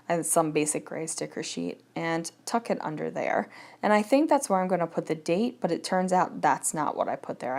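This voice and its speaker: A woman's voice: low voice, a little mellow. A woman giving an easygoing, chatty voice-over of her crafting project, thinking aloud as she goes. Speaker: scrapbooking vlogger. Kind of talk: casual voice-over narration.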